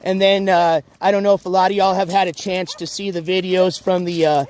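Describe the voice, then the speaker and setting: A man's voice: high-pitched, little pitch movement, a little fast, darkish tone. A man hosting a casual walk-and-talk livestream outdoors by a road, rambling with lots of "uh"s and restarts. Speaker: YouTube livestream host. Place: outdoors by a road with traffic, walking dogs.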